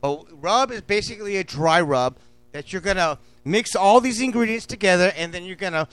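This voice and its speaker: Excitable, crude man hosting a barbecue show. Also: sits high, brisk, clear, resonant tone, no room sound. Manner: rambling, crude and excitable, with sudden loud bursts. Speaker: host of a home cooking show. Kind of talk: casual cooking talk. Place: outdoors at a barbecue.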